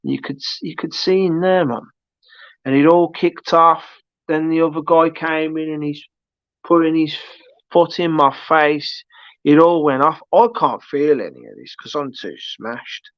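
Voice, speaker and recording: A man's voice: a little high, unhurried, no room sound. A man telling a long anecdote on a livestream, rambling, full of restarts and asides. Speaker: livestream host. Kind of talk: casual storytelling chat. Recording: dull lo-fi dry stream audio.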